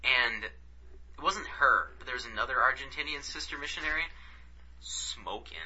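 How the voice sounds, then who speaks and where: A man casually telling a story as a podcast co-host, animated and profane. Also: medium pitch, normal speed, slightly rough. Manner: animated, profane, acts out quotes. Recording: dull lo-fi recording.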